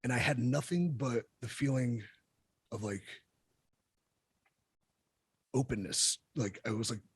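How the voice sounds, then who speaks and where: A man's voice: medium pitch, moderate pace, husky, no room sound. A man, a wrestler guest, telling stories in a casual interview, blunt and profane. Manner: blunt, profane, animated storyteller.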